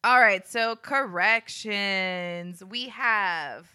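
A woman's voice: medium pitch, drawn-out words, bright, forceful tone, clean tone. A woman co-hosting a podcast who leads the segments in casual chat and laughs often. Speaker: podcast co-host.

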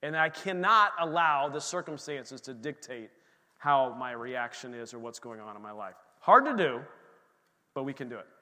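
A man's voice: medium pitch, lively intonation, moderate pace, sharp tone, long reverb tail. A middle-aged man, a pastor, preaching a sermon and telling a story, acting out his own reactions.

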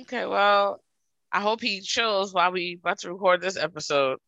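A woman's voice: medium pitch, normal speed, no room sound, muffled recording. A woman co-hosting a podcast, chatting casually and telling jokey family stories. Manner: animated, joking storyteller. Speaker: podcast co-host. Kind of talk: casual chat.

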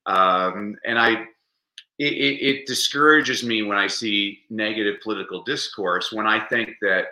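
A man chatting in an interview, animated and jokey, laughing often. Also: fairly low pitch, unhurried, echoey room, low-quality recording. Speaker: interview guest. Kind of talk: casual interview chat.

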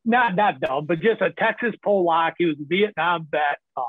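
Over a dry, tinny line that sounds like a phone, a northern US man talks casually as a podcast guest. His voice is on the high side and expressive at a normal pace, and his rambling stories come peppered with chuckles and curse words.

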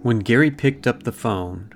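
Casual: podcast host guy reading a spooky script, solemn and measured, gravelly voice, some music under it. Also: mid-range voice. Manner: ornate, solemn, measured delivery. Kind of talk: scripted dramatic narration.

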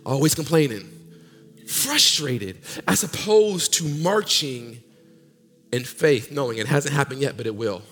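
A male pastor preaching a sermon, swinging from loud sung peaks down to low murmurs in call-and-response style. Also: expressive, a little slow, breathy edge. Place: church sanctuary. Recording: long hall reverb with faint music.

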